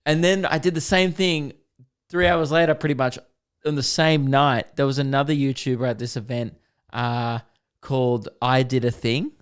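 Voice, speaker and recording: A man's voice: medium pitch, steady tone, smooth. A man in his twenties co-hosting a podcast, telling rambling stories in casual chat and acting out what people said. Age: 20s. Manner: rambling storyteller, quick to act out quotes. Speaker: podcast co-host.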